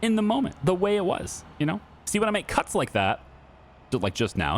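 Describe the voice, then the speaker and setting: A man's voice: high-pitched, big pitch swings, a little fast, slight background noise. A man in his thirties chatting casually over gameplay, joking and sarcastic with his viewers. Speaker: gaming YouTuber.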